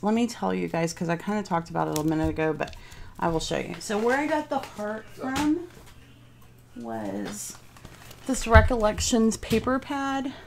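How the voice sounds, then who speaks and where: A woman's voice: fairly low pitch, vocal fry, darkish tone, a little hiss or hum. A young woman crafting at home, chatting casually and thinking aloud while she changes her mind. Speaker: craft vlogger.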